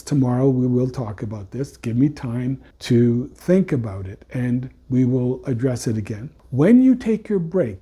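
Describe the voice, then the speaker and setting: Husky, dark-voiced male counselor. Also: on the high side. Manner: conversational, frequent "you know" fillers and restarts. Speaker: couples counselor. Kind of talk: unscripted educational talk.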